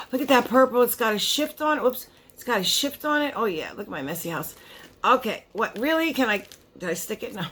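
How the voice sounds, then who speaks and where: A woman in her forties chatting casually through a beauty box unboxing, excitable and chatty, often gasping and wandering into asides. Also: on the high side. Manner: chatty and excitable, gasps and laughs, trails off into asides. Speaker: beauty vlogger.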